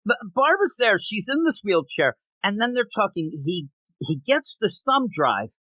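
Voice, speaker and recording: A man co-hosting a comics podcast in casual chat, animated and laughing often as he acts out quick voices. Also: high-pitched, dry recording, poor audio. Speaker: podcast co-host.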